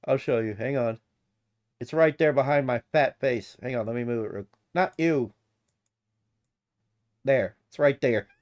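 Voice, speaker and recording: A man's voice: medium pitch, unhurried, long pauses, a little mellow. A man from the United States giving casual reaction commentary, profane and mocking, rambling as he goes. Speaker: reaction video host.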